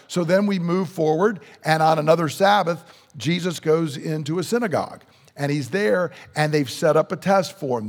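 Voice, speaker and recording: Higher-voiced man preaching a sermon in a reverberant hall. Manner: conversational, asks the audience questions. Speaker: pastor.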